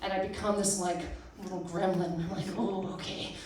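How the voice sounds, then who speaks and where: A woman's voice: on the low side, flat delivery, normal speed, darkish tone. A young woman performing a self-deprecating stand-up set at a small arts venue, laughing at her own jokes. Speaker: stand-up comic. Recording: echoey room, distant mic, audience laughter.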